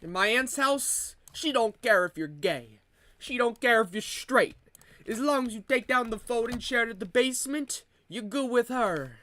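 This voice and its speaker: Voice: mid-range voice, expressive, normal speed, a bit bright, close to an everyday voice. A streamer voicing a brash, exaggerated Italian-American family storyteller in a choppy put-on accent, doing comedy bits. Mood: mock-stern.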